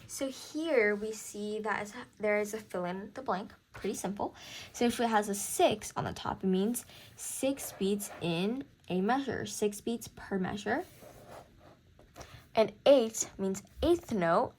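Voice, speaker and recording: A woman's voice: mid-range voice, unhurried, darkish tone, slight background noise. A young woman tutoring music theory in a casual walkthrough, counting beats aloud and encouraging the student. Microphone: camera mic at a desk.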